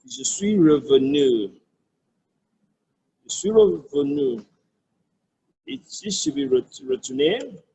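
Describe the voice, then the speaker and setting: Nigerian man, french tutor, husky voice, fairly high pitch, patient repetition. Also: darkish tone, rough recording. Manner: explains patiently, repeats phrases, slow careful French examples. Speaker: language tutor. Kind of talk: online language lesson.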